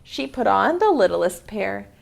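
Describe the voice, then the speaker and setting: Preschool teacher, woman, reading to kids on a video class; slow, sing-song, rather high. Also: vocal fry. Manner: expressive, asks children questions. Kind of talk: reading a picture book aloud to children. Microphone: online video class.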